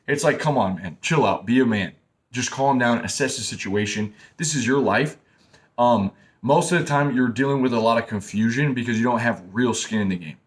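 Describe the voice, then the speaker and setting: A man's voice: medium pitch, normal speed. A young man giving casual, blunt advice straight to his listeners. He repeats himself and keeps calling them man and bro. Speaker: self-help talker. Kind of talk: casual direct-to-camera advice talk.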